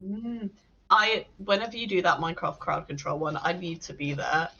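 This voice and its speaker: Northern guest, bubbly and eager, bright voice, slightly muffled audio. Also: mid-range voice, creaky, slightly rough, faint music behind. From northern England. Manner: bubbly, enthusiastic, quick to react. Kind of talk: casual chat.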